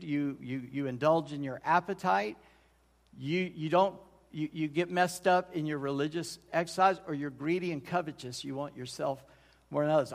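A man's voice: on the high side, vocal fry. A middle-aged man preaching a sermon as pastor, folksy and conversational, often restarting his sentences. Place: church sanctuary. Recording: long church hall reverb.

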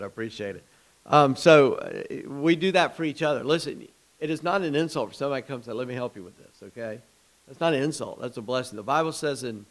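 A man's voice: medium pitch, low-quality recording. A man leading a Bible study class in a conversational way, rambling with frequent restarts and putting questions to the group.

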